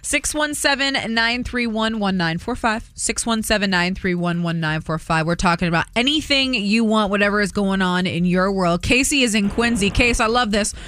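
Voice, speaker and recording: Bright-voiced woman radio host. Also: mid-range voice, normal speed, hardly any pauses, no room sound. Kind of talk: casual radio chat. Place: radio studio. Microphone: studio mic.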